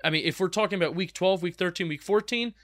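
A man's voice: high voice, quick pace, a bit bright, dry recording. Young man, co-host, casual rambling chat, restarts, reads fan questions, dry close sound. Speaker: sports podcast co-host.

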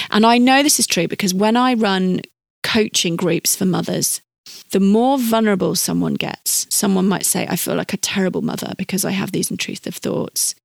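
A British woman hosting a podcast as a coach for mothers, talking in an earnest, encouraging way and slowing down to stress key points. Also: medium pitch, gravelly, no echo. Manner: earnest, encouraging, slows down for emphasis. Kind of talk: reflective podcast monologue.

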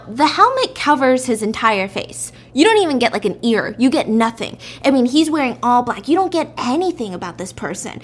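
A woman's voice: on the high side, a little hiss or hum. A woman chatting and laughing as she retells a story while cooking in a home kitchen. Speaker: vlogger.

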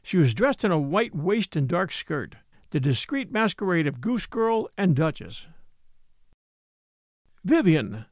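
Male audiobook narrator, expressive, slightly higher voice, dry booth sound. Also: normal speed, dry recording. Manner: expressive, animated reading. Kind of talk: scripted story narration.

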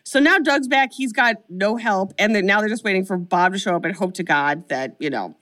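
A woman in her thirties talks through a movie's plot like she's telling it to a friend, animated, jumping into little mock voices for the characters. Her voice sits at a middle pitch and sounds close and dry, with no room around it. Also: brisk, dry recording. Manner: animated storyteller, mimics lines in mock voices. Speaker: podcast co-host recapping a film. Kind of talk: casual comedic chat.

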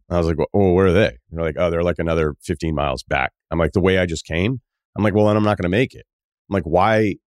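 A deep-voiced man hosts a podcast and tells a rambling travel story in a casual, animated way. He acts out the people he met, jumping up and down in pitch for their lines. His voice sounds dry and close, with no room around it. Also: no room sound. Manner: animated, acts out quoted dialogue in shifting voices. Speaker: podcast host.

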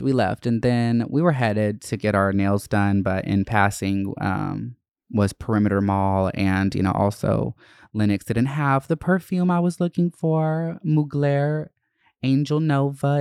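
A young adult host tells a story from their week in a loose, profanity-laced monologue and slips into higher voices for the people they quote. The voice is smooth and clear, recorded close on a dry mic with no room sound. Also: a little mellow, dry recording. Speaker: podcast host.

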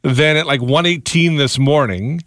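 A man's voice: on the high side, measured pace, fairly bright tone, dry recording. Man, radio co-host, many uhs, stammered restarts, defensive, dry studio sound. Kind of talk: morning radio banter.

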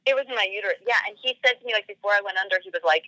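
Bright-voiced chatty woman telling a story. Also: medium pitch, very fast, no room sound, lo-fi sound. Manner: chatty, full of "like" fillers, acts out quoted dialogue. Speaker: podcast guest. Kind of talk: casual storytelling.

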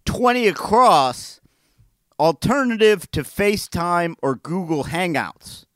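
A man with a fairly high voice co-hosts a casual podcast, tossing off joking, mock-indignant rants. His voice sounds close and dry, with no room around it. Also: animated, slow pace, fairly bright tone, no room sound. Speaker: podcast co-host. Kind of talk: casual chat. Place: New York City.

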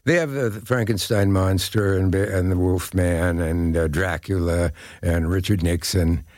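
An older man from Nebraska, a podcast guest telling anecdotes and pausing to recall names. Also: deep voice, steady tone, darkish tone, no echo, clean studio sound. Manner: reflective, searching for names. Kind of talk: casual chat, anecdotes.

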